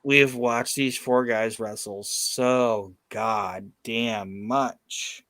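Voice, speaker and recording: A male podcast host tells a story in swearing, emphatic casual chat. His voice sits at an ordinary middle pitch, and the recording is dry and close. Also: steady tone, extremely slow, fairly bright tone, dry recording.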